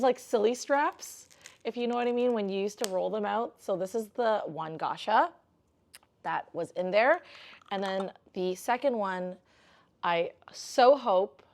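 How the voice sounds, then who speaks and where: A young woman vlogging a jewelry unboxing in a chatty, rambling way, breaking into squealing bursts of excitement. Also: mid-range voice, vocal fry. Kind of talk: casual unboxing vlog.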